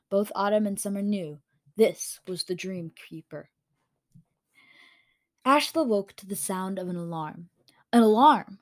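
A woman's voice: medium pitch, darkish tone, no room sound. Woman reading a story aloud. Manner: casual, with slips and corrections. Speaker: story reader. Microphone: home microphone.

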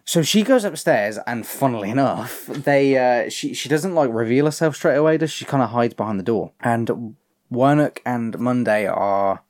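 Animated man recapping a show. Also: mid-range voice, normal speed. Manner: animated, swears freely, acts out the characters' lines. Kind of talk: casual chat recapping a TV episode.

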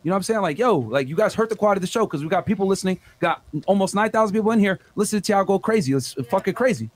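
A man's voice: high voice, animated, racing. A man producing a podcast, sternly scolding the guests and laying down the rules in blunt, profane language.

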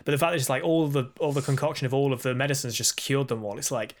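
A man co-hosting a podcast in casual chat, animated and chatty, often repeating words as he starts his sentences. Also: medium pitch, fast. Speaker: podcast co-host.

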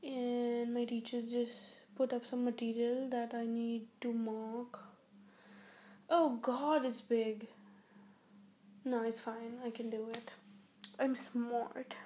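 A teenage girl talking on her own podcast in a groggy, worn-out voice. She speaks a little high but fairly flat, with a mellow, soft tone. She rambles on with fillers and restarts. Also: slow pace, long pauses. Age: teens. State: groggy, weak-sounding voice. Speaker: podcast host. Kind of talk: casual solo podcast chat.

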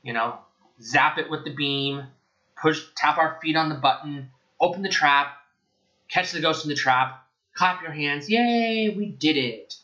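A man's voice: a little high, steady tone, measured pace, sharp tone, highs cut off. A man giving a casual spoken film review, sarcastic and profane, rambling as he goes.

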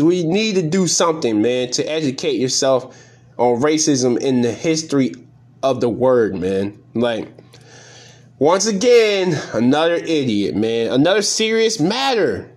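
A man's voice: fairly high pitch, darkish tone. A man hosting a podcast, giving profane, exasperated casual commentary on news stories and talking straight to his listeners. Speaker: podcast host.

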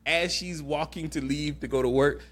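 A man hosting a podcast, recapping a movie in animated, laughing, profane storytelling. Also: on the high side, unhurried. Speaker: podcast host. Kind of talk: casual chat, movie recap.

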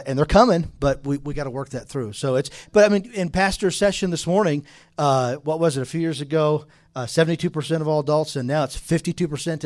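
A man moderating a church conference panel, talking quickly and earnestly with frequent restarts. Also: on the high side, a little mellow.

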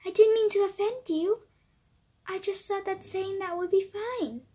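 A woman's voice: very high-pitched, a little slow, mellow, voice pushed up. A woman voicing a blunt, chatty female dog who talks eagerly and insists, in a children's story. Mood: pleading.

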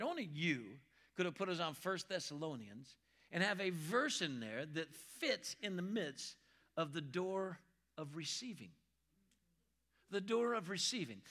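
Emphatic high-voiced male pastor preaching. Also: pushed and bright. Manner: emphatic, repeats key lines slowly; reads scripture slowly and deliberately. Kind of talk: sermon.

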